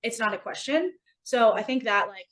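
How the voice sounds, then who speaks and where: A woman's voice: a little high, expressive, normal speed, fairly bright tone, poor audio. A woman co-hosting a casual podcast chat, talking in an emphatic, motivational way and swearing casually. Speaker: podcast co-host.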